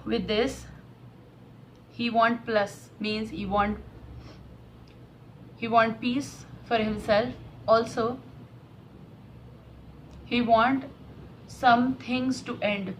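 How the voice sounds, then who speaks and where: A woman's voice: mid-range voice, a little hiss or hum, poor audio. A woman giving an emotional, repetitive tarot reading to camera. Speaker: tarot reader.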